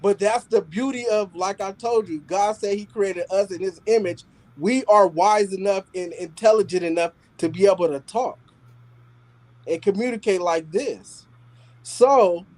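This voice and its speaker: A man's voice: sits high, low-quality recording. A man in a casual debate, pressing his point with repeated questions. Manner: insistent, argues by questions.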